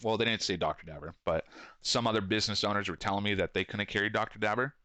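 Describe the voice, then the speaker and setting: A man's voice: on the low side, steady tone, quick pace, pushed and bright, dry recording. A man in his thirties talking casually, rambling, swearing a lot and acting out quotes as he tells stories. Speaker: podcast host and shop owner. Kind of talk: casual profane monologue.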